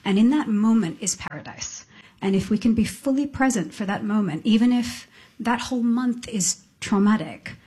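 Husky, thoughtful woman musician. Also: on the high side, animated. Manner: thoughtful, halting restarts, soft laughs. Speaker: musician guest. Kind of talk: reflective interview talk. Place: on stage before an audience.

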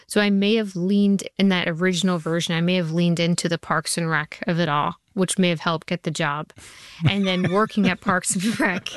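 A woman who writes and created a TV show, a guest in an interview who tells lively stories and acts out the voices of people she quotes. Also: fairly low pitch, normal speed, no echo, studio quality. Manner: animated storyteller acting out quoted voices. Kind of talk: interview, anecdotal storytelling.

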